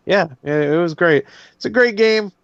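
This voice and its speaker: A man's voice: high voice, animated, moderate pace, creaky, no room sound, muffled recording. A man co-hosting a casual gaming podcast, laughing often and swearing freely. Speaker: podcast co-host.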